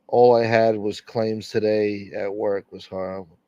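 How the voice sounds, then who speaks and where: A man's voice: fairly low pitch, little pitch movement, measured pace, warm tone, no echo, muffled recording. A man hosting a casual livestream, reading out chat and rambling crudely with lots of swearing.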